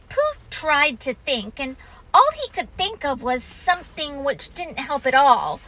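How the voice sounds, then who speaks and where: A woman reads a storybook aloud, gentle and expressive, her unhurried voice sitting high and bright. Her pitch moves lively through each sentence. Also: poor audio. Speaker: narrator. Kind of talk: storybook reading.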